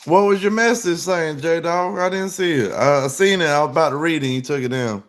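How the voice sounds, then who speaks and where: A man's voice: a little high, fairly quick. A man hosting a casual livestream, answering viewer comments in a laid-back, rambling way with plenty of "like". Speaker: livestream host.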